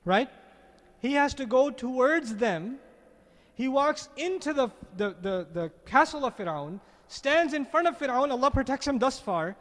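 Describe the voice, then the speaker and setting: A man's voice: very high-pitched, lively intonation, measured pace, a bit bright. A man preaching a storytelling sermon, retelling a scene with many rhetorical questions. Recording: long hall reverb.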